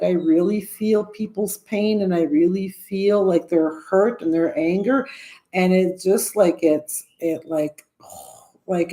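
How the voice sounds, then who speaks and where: A woman's voice: lowish voice, warm tone. A woman in her sixties vlogging to camera in a casual, earnest way, often restarting and circling back mid-sentence. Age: 60s. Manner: rambling, self-interrupting, earnest. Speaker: YouTuber. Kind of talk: casual vlog talk to camera.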